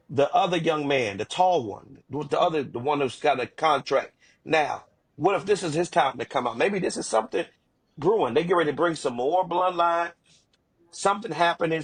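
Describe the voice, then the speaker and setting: A man's voice: fairly high pitch, husky. A man co-hosting a podcast, telling wrestling stories in casual chat with lots of restarts. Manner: animated storytelling with repeated restarts. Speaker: podcast co-host.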